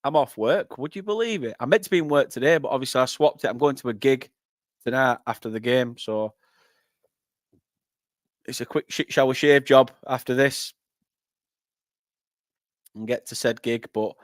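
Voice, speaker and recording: A young northern English man hosting a live football watchalong, chatting with viewers and breaking into excited play-by-play. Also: mid-range voice, moderate pace, pauses often, no echo, clean studio sound. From northern England. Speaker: fan channel host.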